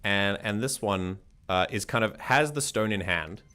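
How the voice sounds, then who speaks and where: A man's voice: fairly low pitch, normal speed, bright, forceful tone, smooth. A man narrating and ruling as game master in a tabletop game, rambling with many restarts. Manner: rambling, frequent restarts, chuckling.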